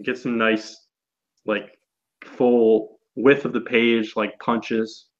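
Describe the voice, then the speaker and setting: A man in casual podcast chat, unhurried and rambling, trailing off into fillers. His voice sits in a middle pitch. The recording is dull and a little lo-fi. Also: flat delivery. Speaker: podcast co-host.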